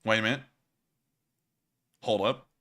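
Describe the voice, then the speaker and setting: A man's voice: lowish voice, steady tone, measured pace, fairly bright tone. A man casually commenting over war footage as host, joking and rambling and laughing at his own slips. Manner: jokey, rambling, laughs at himself.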